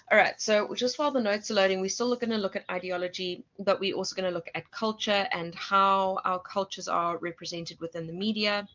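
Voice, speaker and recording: A woman's voice: mid-range voice, steady tone, a little fast, hardly any pauses, fairly bright tone. A South African woman lecturer giving an online class, chatty and self-correcting, asking her students questions. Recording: muffled lo-fi audio.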